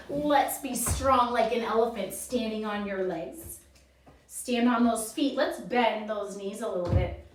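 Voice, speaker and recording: A woman's voice: on the high side, slow, slight background noise. A woman teaching children's yoga through a story, guiding in an encouraging, sing-song way. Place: yoga studio. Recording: echoey room, voice from far off.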